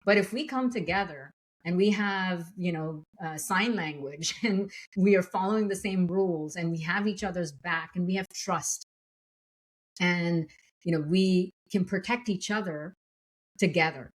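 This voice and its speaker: Woman talking slow and thoughtful, lower voice, little laughs. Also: breathy edge, poor audio. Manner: measured, thoughtful, laughs lightly. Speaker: podcast guest. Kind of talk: reflective conversation.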